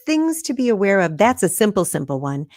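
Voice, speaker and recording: A woman's voice: mid-range voice, big pitch swings, a little fast, a little mellow, dry recording, clean studio sound. Encouraging woman coach on a video call. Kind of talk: casual live interview chat. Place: room at home.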